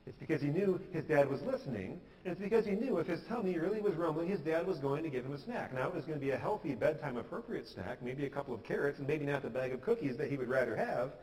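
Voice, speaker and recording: A man's voice: on the high side, expressive, fast, hardly any pauses, a little mellow. Man preaching in a reverberant church. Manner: earnest, conversational, acts out quoted prayers. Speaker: pastor. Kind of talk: sermon. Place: church sanctuary.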